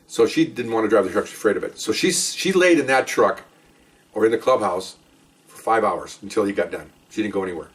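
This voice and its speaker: A man who was a police officer, telling stories from his work in a loose, animated way and acting out what others said. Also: lowish voice, far from the mic. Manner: animated retelling, acts out quoted voices. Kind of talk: casual storytelling.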